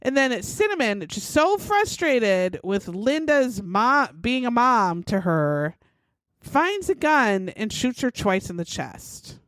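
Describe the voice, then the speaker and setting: A woman's voice: fairly high pitch, very animated, slow, no echo. A woman hosting a podcast, telling a true crime story casually, swearing freely and acting out the quotes. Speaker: podcast host.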